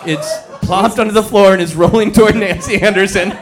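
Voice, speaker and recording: A man's voice: sits high, steady tone, soft background music. A man running a tabletop game as game master, narrating and giving roll instructions through frequent laughter. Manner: amused, often laughing, quick instructions.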